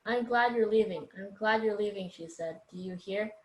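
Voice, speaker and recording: A woman student reading a short story aloud over a video call, steady and careful. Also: mid-range voice, moderate pace, reverberant, muffled recording.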